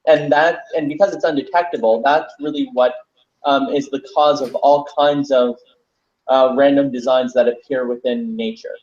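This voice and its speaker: A man's voice: mid-range voice, steady tone, moderate pace, darkish tone. A man joins a podcast discussion from a roomy space, his voice a little muffled and lo-fi. He reasons aloud in an argumentative, questioning way. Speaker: podcast guest. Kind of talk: casual podcast chat.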